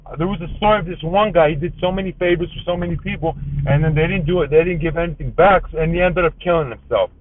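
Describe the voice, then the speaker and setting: A man's voice: on the high side, quick pace. A man giving a casual, preachy spoken monologue about people and society, repeating himself as he moralizes. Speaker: self-styled spiritual counselor. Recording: tinny phone-like audio.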